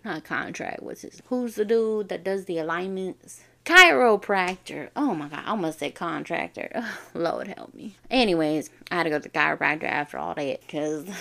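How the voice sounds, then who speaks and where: A woman from the Navajo Nation, hosting a vlog and telling funny personal stories in a lively, slangy way. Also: mid-range voice. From Navajo Nation, US Southwest. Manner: animated, slangy, acts out quotes. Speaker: vlogger host. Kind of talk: casual comedic storytelling.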